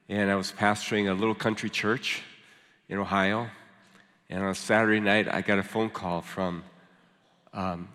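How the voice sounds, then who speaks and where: A man's voice: lowish voice, fairly bright tone. A middle-aged man preaching a sermon as pastor, folksy and conversational, with frequent fillers and repeated words. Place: church sanctuary. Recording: long reverb of a large hall.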